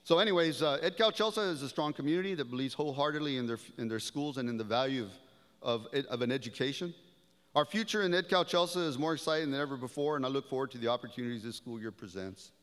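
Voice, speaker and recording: A man's voice: mid-range voice, quick pace, fairly bright tone, clean tone. A man, a school superintendent, giving an earnest and encouraging welcome speech. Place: large hall. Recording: reverberant hall through PA.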